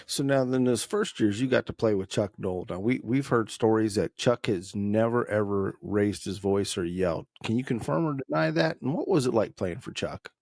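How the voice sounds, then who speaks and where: Gravelly low-voiced podcast host. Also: male voice, normal speed, hardly any pauses, darkish tone, dry recording, clean studio sound. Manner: asks long, setup-style questions. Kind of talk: interview questions.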